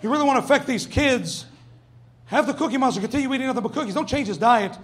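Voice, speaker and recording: Young male stand-up, high-pitched and brash, swears freely, faint noise behind. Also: expressive, fast. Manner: brash, profane, acts out quoted voices. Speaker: stand-up comedian. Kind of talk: stand-up comedy set. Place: comedy club stage with audience.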